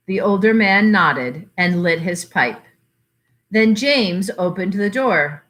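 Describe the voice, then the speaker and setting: A woman reading a short story aloud for a library audience, unhurried and measured. Her bright voice rises and falls with the story. She narrates expressively. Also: mid-range voice, lively intonation.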